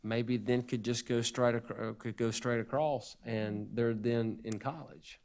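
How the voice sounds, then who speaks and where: A man's voice: medium pitch, steady tone, measured pace, darkish tone. A man giving an unscripted report to a school board, earnest and hesitant, often restarting his sentences.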